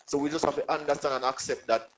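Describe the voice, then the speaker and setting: Fast-talking Jamaican host, man. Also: a little high, fairly even intonation, background noise. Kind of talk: casual interview talk.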